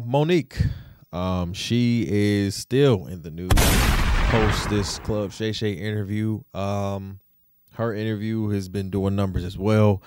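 A man's voice: lowish voice, smooth. A man hosting a casual opinion podcast, talking. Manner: relaxed and conversational, with many fillers and repeats. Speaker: podcast host.

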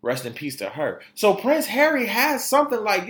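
A man's voice: high voice, normal speed, few pauses. A male podcast host giving casual, joking commentary on celebrity news, full of slang and frequent laughs. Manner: animated, joking, laughs often, slang-heavy. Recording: echoey room.

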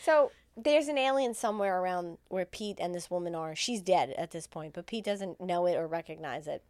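A woman's voice: lowish voice, moderate pace, a little mellow, no echo. A woman co-hosting a comedy podcast, recapping a film in crude, laughing chat and acting out the lines.

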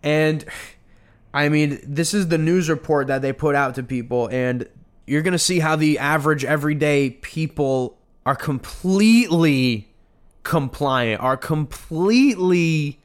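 A man with a fairly high voice hosts a podcast and delivers heated commentary. He slips into a mocking, sarcastic tone and repeats phrases over and over for effect. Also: unhurried. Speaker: podcast host. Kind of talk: opinionated commentary.

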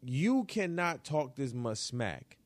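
Animated ranting male sports host. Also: mid-range voice, slow pace, no room sound. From New York. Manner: ranting, emphatic, repeats lines for effect. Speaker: sports talk show host. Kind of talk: animated basketball commentary.

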